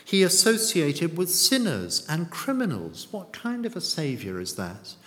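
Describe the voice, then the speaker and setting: A man's voice: on the high side, wildly swooping pitch, a little slow, fairly bright tone. A man preaching a sermon in a church, often putting rhetorical and tag questions to the congregation. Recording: long church reverb.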